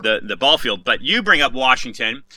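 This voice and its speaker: A man interviewing a guest, halting, with many fillers and restarts. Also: medium pitch, big pitch swings, sharp tone, no echo, poor audio. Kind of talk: casual interview.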